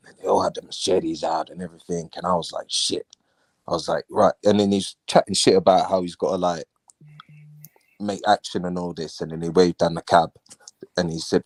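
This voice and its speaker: A man's voice: sits low, fairly even intonation, fairly quick. A man, chatting casually as host of a live stream. He is slangy and laid-back, mocks the people he talks about, and acts out their lines. The sound is dry and close, with no room echo. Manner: laid-back, mocking, slangy, often acts out what others say. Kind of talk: casual chat.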